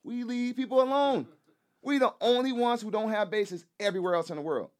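A man speaks fast and emphatically in a casual podcast chat, his voice sitting a little high. He swears freely, repeats his points and keeps tagging lines with "you know what I'm saying". His talk is loose and conversational. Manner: profane, loose slangy delivery. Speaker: guest, rapper and activist.

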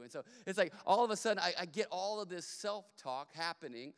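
A pastor delivers a sermon in a relaxed, storytelling way and slips in playful asides. His voice is smooth and resonant and sits a little high for a man. Long reverb from the church hall trails behind each phrase. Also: fast, few pauses. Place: church sanctuary.

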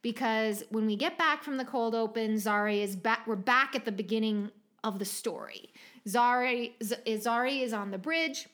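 A woman co-hosting a podcast recaps a TV episode in loose, chatty talk, saying "like" a lot and laughing often. Her voice is on the high side and fairly bright, at a normal speed.

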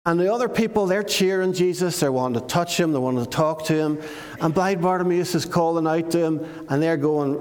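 A man giving a lively storytelling sermon to children in church, often asking his listeners questions. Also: fairly high pitch, a little fast. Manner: animated, asks the listeners questions. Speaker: preacher giving a children's talk. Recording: long reverb of a large hall.

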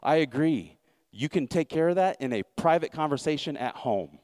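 A man's voice: fairly high pitch, expressive, normal speed, darkish tone, dry recording, studio quality. A man pastor preaching a sermon, emphatic and repeating his key lines, with wry asides.

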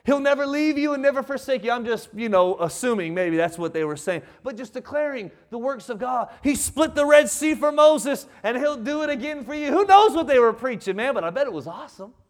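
A man in his seventies with a Southern US accent, preaching a sermon in a folksy, animated way and doing playful impressions. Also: very high voice, a little fast, hardly any pauses. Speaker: pastor.

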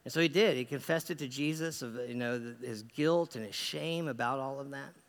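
A man's voice: medium pitch, brisk. A man preaching a sermon as a pastor, telling stories in an earnest, conversational way with frequent restarts, recorded in a church. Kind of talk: sermon storytelling. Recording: long reverb of a large hall.

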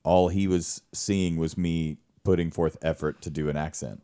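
Low-pitched male stage actor in relaxed conversation; lively anecdotes, quick to laugh. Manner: animated storyteller, laughs often. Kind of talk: casual conversation.

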